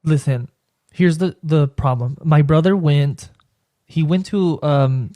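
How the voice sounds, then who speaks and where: A man's voice: fairly high pitch, takes it slowly, mellow, dry recording. A young man with a Mexican accent, a podcast guest chatting casually and often hesitating and repeating himself. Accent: Mexican Spanish. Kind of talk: casual chat.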